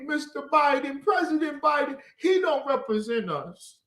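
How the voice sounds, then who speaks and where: Man, fiery preacher, lively pitch swings, echoey recording. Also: normal speed, hardly any pauses. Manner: fiery, swings from shouting to low muttering. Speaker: street preacher.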